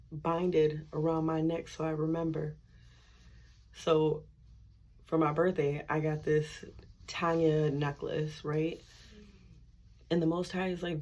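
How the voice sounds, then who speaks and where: Low husky woman sharing her faith. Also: a little mellow. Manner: candid, conversational, acts out inner dialogue with God. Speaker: speaker sharing a faith testimony. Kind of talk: personal faith testimony.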